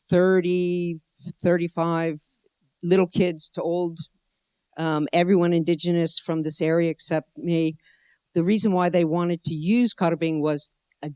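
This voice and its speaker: A woman's voice: fairly low pitch, steady tone, normal speed, a little mellow, no room sound. American woman, middle-aged, rambling conference talk, keeps hunting for words, super dry sound. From United States. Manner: digressive, storytelling, searching for words. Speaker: anthropologist speaker. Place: gallery venue indoors.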